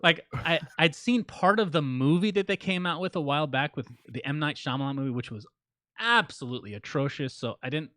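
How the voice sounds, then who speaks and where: A man co-hosting a casual podcast, ribbing his partner in a deadpan way and reading out listener shout-outs. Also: a little high, a little fast, no room sound. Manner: dry teasing, deadpan ribbing. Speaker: podcast co-host.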